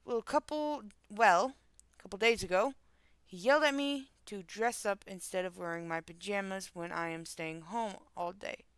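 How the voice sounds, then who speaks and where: A woman's voice: medium pitch, normal speed, clear, resonant tone, dry recording. A young woman streamer from the northern United States, reading online stories aloud and adding casual, swear-laden commentary. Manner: casual, swears and laughs in asides.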